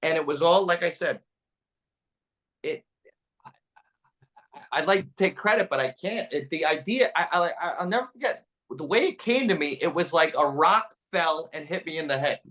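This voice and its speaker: A man's voice: on the high side, moderate pace, pauses often. A male comedian casually telling a story, acting out what people said in different voices. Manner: animated, acts out quotes with voices. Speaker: comedian and podcast guest.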